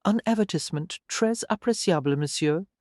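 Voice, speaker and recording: A narrator voicing a spirited, proud young lady from a Regency romance audiobook, with sharp, cold retorts set higher than the narration. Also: big pitch swings, normal speed, no room sound, clean studio sound, lightly acted. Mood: indignant. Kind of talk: audiobook dialogue.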